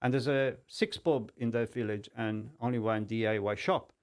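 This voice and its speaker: A man's voice: medium pitch, moderate pace. Italian-accented man telling his story. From Italy. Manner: animated storytelling in broken English, many restarts. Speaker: guest. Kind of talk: personal testimony in conversation.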